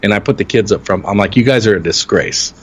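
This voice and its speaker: A man co-hosting a sports podcast, telling lively anecdotes and acting out quotes in raised voices. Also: quick pace, husky. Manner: animated storyteller, acts out quotes in higher voices. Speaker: podcast co-host. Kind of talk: casual sports chat.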